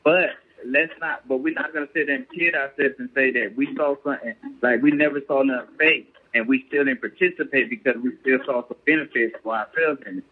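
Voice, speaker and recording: A man's voice: mid-range voice, steady tone, brisk, few pauses. A man, a professional boxer and guest, talking casually and earnestly, often checking that he is understood. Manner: earnest, keeps asking "you get what I'm saying". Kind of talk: casual chat. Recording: tinny phone-line call.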